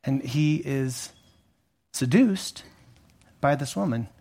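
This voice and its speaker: A male pastor preaching a sermon in a conversational way, rising to emphatic peaks and dropping low again, with frequent restarts. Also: expressive, normal speed.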